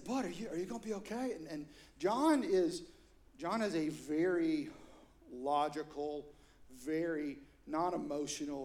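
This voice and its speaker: A middle-aged man preaching a storytelling sermon in a church, animated and acting out quotes with sudden loud high bursts. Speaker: pastor.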